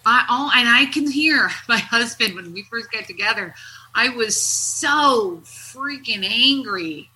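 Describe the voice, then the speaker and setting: Bright, animated woman therapist host. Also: on the high side, takes it slowly, poor audio. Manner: animated storyteller, swears casually. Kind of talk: casual podcast chat.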